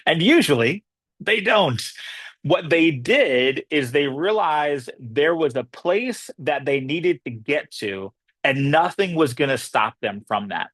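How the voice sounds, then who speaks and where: A man delivering a motivational business talk in a fairly high voice. He speaks conversationally and repeats himself for emphasis, slipping into other people's reactions as he goes. The sound is dry and close. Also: fairly bright tone, no echo.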